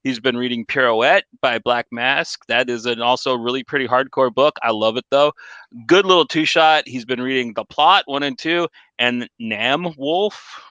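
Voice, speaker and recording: Bright, crisp-voiced male podcast host. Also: mid-range voice, normal speed, no room sound, lo-fi sound. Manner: upbeat, joking, reads fan messages. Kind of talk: casual chat.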